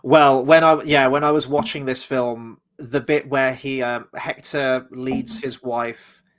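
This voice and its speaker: A man's voice: medium pitch, steady tone, slow pace, fairly bright tone. A man hosting a casual film review chat, easygoing and loose, with plenty of "you know" and "whatnot". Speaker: host.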